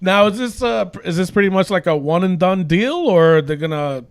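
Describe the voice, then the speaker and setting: Lively, laughing male co-host. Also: high voice, normal speed, clear, resonant tone, no echo, studio quality. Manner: laughs easily, reacts with "oh wow". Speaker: podcast co-host. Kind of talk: interview questions, casual chat.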